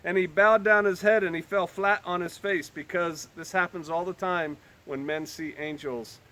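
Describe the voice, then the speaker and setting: Reading archaic scripture at a normal speed with fairly even intonation, this high-pitched man with a bright, sharp voice often pauses to toss in casual, joking modern comments. He sounds like a Bible teacher leading a small group, with slight background noise.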